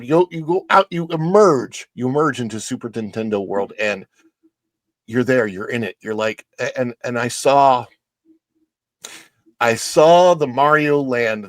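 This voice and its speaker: A man who is a guest on a theme park show, talking in a halting, emotional way with many restarts. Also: medium pitch, no room sound. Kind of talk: casual chat.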